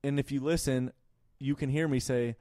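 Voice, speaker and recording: A man with a medium-pitched voice talks at a normal pace in a dry recording. He hosts a podcast from a small home studio, keeping the casual chat lively and joking and interrupting often.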